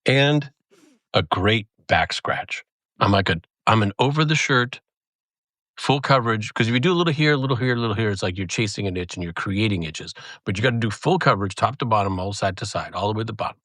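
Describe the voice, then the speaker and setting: A middle-aged man who is a podcast guest, talking in a relaxed, easygoing way. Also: fairly low pitch, brisk, no room sound, studio quality. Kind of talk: casual chat.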